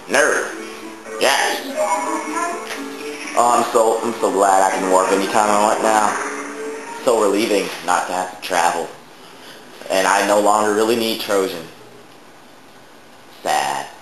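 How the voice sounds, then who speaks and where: A man with a lowish voice giving rambling, joking commentary over a video game, dropping crude asides as he plays. The room has a noticeable echo, and game music plays clearly behind him. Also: slow pace, pauses often. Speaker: let's play host. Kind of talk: casual gameplay commentary.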